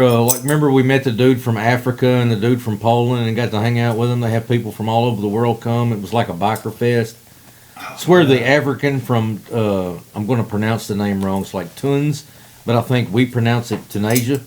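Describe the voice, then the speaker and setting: Casting: brash podcast cohost, mid voice, faint background hiss. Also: male voice, medium pitch, a little fast. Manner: animated, crude, jokey. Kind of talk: casual chat.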